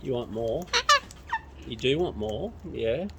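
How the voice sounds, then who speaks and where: A woman's voice: rumbling low, animated, slow. A woman, coaxing wild birds in sing-song baby talk as she feeds them outdoors. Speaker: bird feeder filming wild birds. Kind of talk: talking affectionately to birds while feeding. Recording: noisy outdoor recording.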